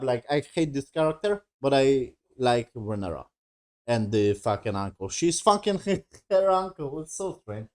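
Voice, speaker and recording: A man with a dark, mellow voice reviews a TV episode in a casual, profane recap. His English has non-native grammar, and he slips into quick impressions of the characters. He sits at a middling pitch. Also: expressive. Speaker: TV show reviewer.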